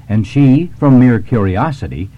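Man, preacher, solemn devotional reading, measured delivery, warm dark tone. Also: mid-range voice, expressive, lo-fi sound.

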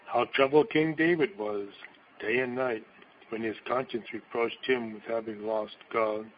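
A man's voice: medium pitch, steady tone, a little slow, muffled recording, a little hiss or hum. A man reading a sermon aloud in a solemn, declamatory manner, voicing quotations dramatically. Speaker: preacher.

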